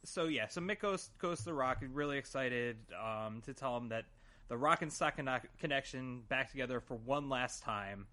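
A man on a podcast, walking through the story in relaxed, casual chat. His delivery is dry and easygoing, with a middle-pitched voice. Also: normal speed. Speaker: podcast co-host. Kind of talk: casual chat, recapping episodes.

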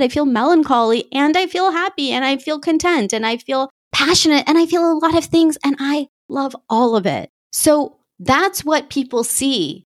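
A high-pitched woman hosts a podcast, speaking candidly and animatedly about her own feelings in a reflective, self-revealing monologue. The sound is clean studio quality with no echo.

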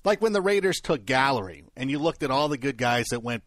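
A man's voice: medium pitch, expressive, brisk, fairly bright tone, dry recording. A man co-hosting a sports talk show in a studio, chatty and thinking his point through aloud. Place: broadcast studio.

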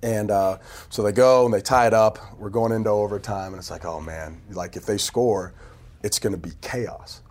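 Low-voiced man telling animated stories. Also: moderate pace. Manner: animated, acts out quotes, laughs often. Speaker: team PR executive telling stories. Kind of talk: casual storytelling on a podcast. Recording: phone interview audio.

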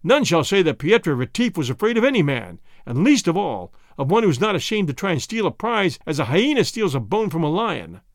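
A man's voice: on the high side, very animated, fairly quick, hardly any pauses, no echo, studio quality. A man voicing a stern, commanding Boer commandant. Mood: furious. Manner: commanding, indignant.

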